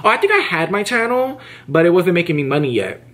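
Animated young man telling a story. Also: high voice. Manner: animated, quick-talking, acts out quoted dialogue. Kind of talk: casual storytime monologue.

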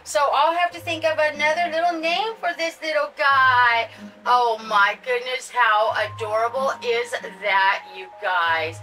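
Gushing older woman vlogging, slow and bright. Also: sits high, far from the mic, soft background music, poor audio. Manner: gushing, chatty, addresses viewers as you guys. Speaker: doll channel host. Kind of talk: casual unboxing vlog.

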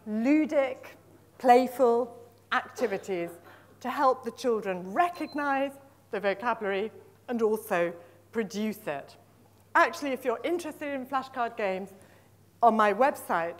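A middle-aged woman running a teacher workshop in front of a live audience. Her voice sits a little high, and she talks at an unhurried pace, stretching words out as she drills them. She is upbeat and encouraging, praising the room again and again. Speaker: teacher trainer giving a workshop. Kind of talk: live workshop demonstration of storytelling with flashcards.

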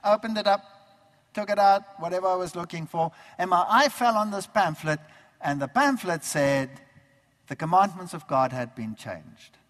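Man preacher, high voice, lively storyteller who acts out the dialogue; long hall reverb. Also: moderate pace. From Germany. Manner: animated storytelling, acting out remembered dialogue. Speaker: preacher giving his testimony. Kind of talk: storytelling sermon testimony.

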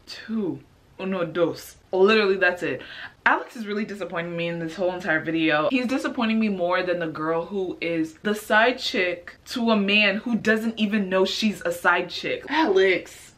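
A woman's voice: medium pitch, moderate pace, fairly bright tone. A woman hosting a reaction video, commenting in a casual, exasperated way and firing off incredulous questions.

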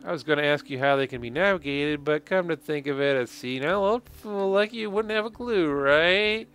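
A man voicing a brash, rough-talking male mercenary in a game playthrough, speaking in a cocky, taunting way. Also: fairly high pitch, moderate pace, a bit bright, voice pushed up, close to an everyday voice. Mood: mocking.

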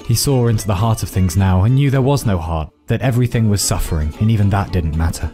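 A man narrating a fairy tale in a measured, dramatic reading. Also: fairly low pitch, warm tone, soft background music. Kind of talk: storytelling narration.

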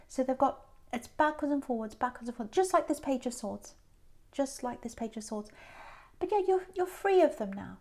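Lady doing a tarot reading, kinda high voice, repeats herself a lot, lots of restarts. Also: animated, moderate pace. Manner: musing, repeats phrases, frequent restarts. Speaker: tarot reader.

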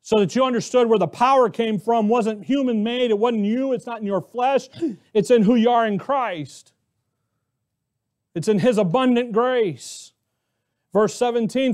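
High-voiced man preaching with rhetorical questions. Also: moderate pace, darkish tone. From Arizona, US. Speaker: pastor. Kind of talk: sermon.

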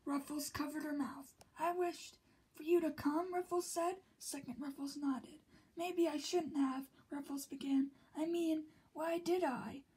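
A woman reading a children's picture book aloud, slipping often into a soft whisper between the characters' lines. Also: high voice, fairly even intonation, unhurried, low-quality recording.

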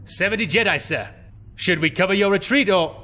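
Snappy clone commander reporting in fast, as a guy voices him, bright voice, music faint behind. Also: sits high. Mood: brisk. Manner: crisp military reporting. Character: brisk male clone army commander.

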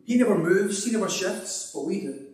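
Here a Scottish man's voice rises high with lively intonation at a moderate pace as he preaches earnestly and repetitively, then softens to a whisper for prayer. He's a pastor recorded from afar in a reverberant church hall.

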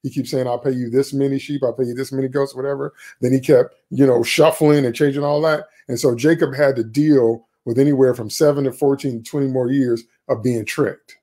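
A man preaching a sermon, retelling a scripture story in a folksy, conversational way and jumping up in pitch when voicing the characters. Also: steady tone, brisk, hardly any pauses, warm tone.

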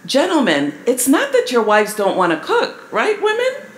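A woman giving a live seminar talk to an audience, measured and asking the crowd questions. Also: high voice, huge pitch swings. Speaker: family seminar presenter. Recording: echoey hall with faint room noise.

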